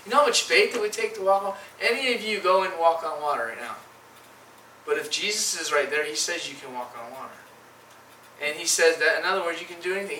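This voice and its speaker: High, bright-voiced preacher in an echoey hall. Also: male voice, a little hiss or hum. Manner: animated, with restarts and dramatic pauses. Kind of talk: sermon. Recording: echoey room, mic from far off.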